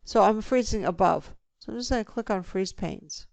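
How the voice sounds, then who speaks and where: Woman, instructor, screen tutorial voice-over, relaxed step-by-step, smooth tone. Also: mid-range voice, moderate pace, no echo. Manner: relaxed step-by-step explaining, talking through each click. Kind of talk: screen-recorded software tutorial.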